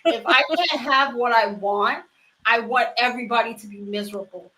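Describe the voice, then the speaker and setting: Bright-voiced woman ranting as caller. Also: fairly high pitch, normal speed, poor audio. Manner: dramatic, exasperated ranting. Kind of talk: casual call-in chat.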